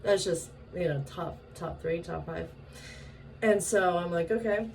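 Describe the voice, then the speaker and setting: A woman from Washington state telling a story in a casual, animated way, laughing often and acting out the voices she quotes. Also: on the low side, a little slow, creaky. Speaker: vlogger. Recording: distant mic with faint ambient noise.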